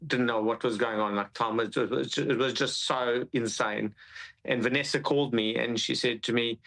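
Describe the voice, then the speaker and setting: A man recounting his experience in an interview, halting and repeating himself as he speaks. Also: medium pitch, steady tone, bright, forceful tone, low-quality recording. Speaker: witness describing an attack. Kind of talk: interview account.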